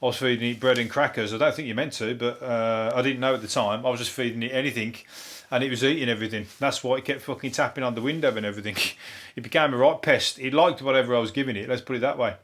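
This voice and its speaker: A man with a Brummie accent hosting a topical comedy podcast, rambling through the news in a dry deadpan way with plenty of swearing and filler words. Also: medium pitch, quick pace. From England.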